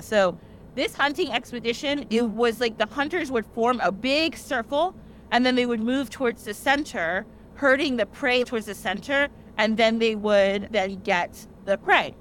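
A young woman hosting a podcast, casually retelling an old tale in a chatty, animated way with lots of "like" fillers. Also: on the high side, slight background noise. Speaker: podcast host. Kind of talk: casual storytelling.

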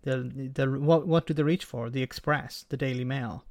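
Man, gravelly, explanatory, casual political chat, dry. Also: mid-range voice, normal speed, a little mellow, dry recording. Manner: explanatory, repeats words as he thinks. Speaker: podcast co-host.

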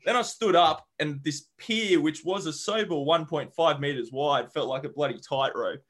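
A young man who is a guest on a podcast, telling a travel story casually, lively and swearing freely as he acts out what people said. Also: a little high, moderate pace.

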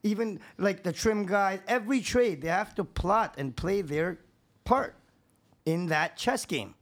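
A man's voice: sits high, expressive, a little slow, fairly bright tone. A man, a contractor and podcast guest, talking in casual chat with a profane, emphatic, preachy manner.

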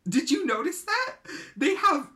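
A young woman with a Southern California accent, co-hosting a podcast in casual, animated chat, saying "like" a lot and sounding exasperated. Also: sits high, unhurried. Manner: animated, exasperated, heavy use of "like". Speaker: podcast co-host.

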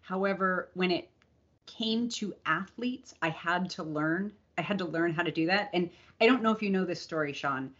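A woman's voice: on the low side, moderate pace. Candid woman telling a story, lo-fi sound. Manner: candid, animated storyteller with frequent restarts and laughs. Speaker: podcast co-host and endurance coach. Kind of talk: casual storytelling chat.

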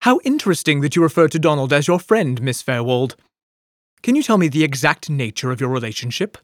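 A man's voice: fairly high pitch, sing-song, a little fast, dry recording, clean studio sound. A man voicing a stern, formal middle-aged woman official in an audiobook, speaking in a clipped, formal way.

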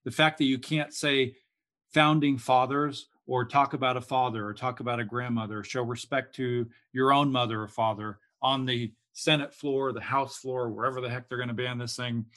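A man's voice: mid-range voice, fairly even intonation, moderate pace, fairly bright tone. A man from Alaska co-hosting a political talk show, ranting in an indignant, exasperated way. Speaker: podcast co-host.

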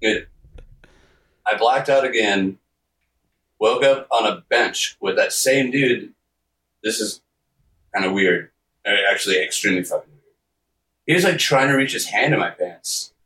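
Low-voiced man telling a wild story. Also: animated, unhurried, long pauses, sharp tone, reverberant, distant mic, low-quality recording. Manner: rambling, profane, laughs often, acts out quotes. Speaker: podcast guest. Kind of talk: casual storytelling.

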